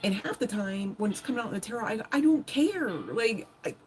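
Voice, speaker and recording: A woman does a casual tarot reading on a live stream, speaking fairly quickly in an animated, medium-pitched voice. Chatty and blunt, she swears often and laughs while talking straight to viewers. The audio is poor.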